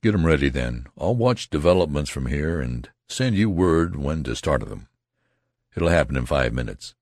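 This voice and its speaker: A man voicing a detached male division general in an audiobook, speaking coolly and deliberately. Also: a bass voice, animated, gravelly, darkish tone, breathy edge, no echo, clean studio sound, exaggerated voice. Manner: cool, measured, deliberate.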